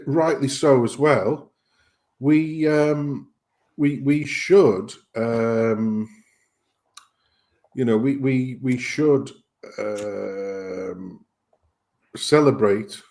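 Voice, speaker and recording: A man's voice: mid-range voice, a little mellow. A man hosting a laid-back stream with a mid-range voice. He rambles through stories with plenty of ums and you-knows, swears freely, and laughs at his own jokes. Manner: swearing, laughing, hesitant with many fillers. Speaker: host. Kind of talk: casual chat, joke telling.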